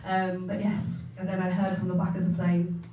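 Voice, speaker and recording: A young Englishwoman's fairly low, monotone voice moves at a moderate pace through her stand-up set on a comedy club stage, and the audio sounds dull. She chats and pokes fun at herself, laughing often as she mimics her family. The echoey venue is heard from far away with a faint hum.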